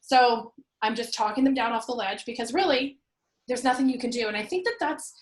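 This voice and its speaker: A woman, a real estate investor and landlord, telling an animated story about her rental properties, acting out what people said. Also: fairly high pitch, brisk, reverberant, low-quality recording. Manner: animated, acts out her own past quotes. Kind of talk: conversational storytelling.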